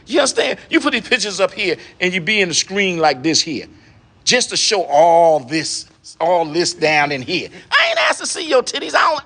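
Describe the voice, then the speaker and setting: Bright-voiced man lecturing with rhetorical questions. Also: high voice. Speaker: online commentator addressing women. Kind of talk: preachy monologue.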